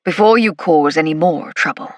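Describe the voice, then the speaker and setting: A woman voicing a kindly, dry-witted police inspector with a measured delivery. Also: low-pitched, no room sound, pitched below the performer's own voice, natural voice.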